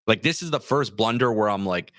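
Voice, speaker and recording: Co-hosting a wrestling livestream, a man speaks a little fast in an expressive, lowish voice with a fairly bright tone, studio quality and no echo. His fired-up frustration shows as he keeps stumbling and starting sentences over.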